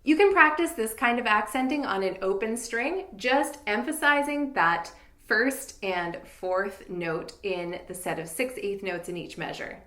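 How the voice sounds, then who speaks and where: A woman teaching fiddle, explaining in a clear and patient way and counting beats aloud. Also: medium pitch, animated, unhurried, hardly any pauses, a bit bright, roomy sound. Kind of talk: instructional tutorial.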